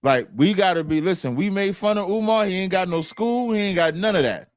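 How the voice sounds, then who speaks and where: Man, co-host, emphatic, preachy, slightly high voice, dry sound. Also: a little fast, no echo. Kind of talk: casual commentary chat.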